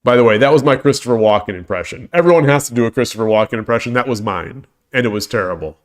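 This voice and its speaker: A man's voice: mid-range voice, animated, quick pace. Congested man muttering through puzzles. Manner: muttering, hesitant, self-correcting. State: congested from a cold. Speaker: shogi streamer. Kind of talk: live-streamed puzzle solving, thinking aloud.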